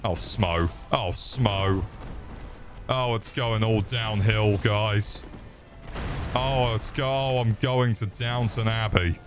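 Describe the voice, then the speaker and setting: A man's voice: fairly low pitch, takes it slowly, music in the background. Sweary man streaming a game. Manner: sweary, jokey, yelps in panic. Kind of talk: live game commentary.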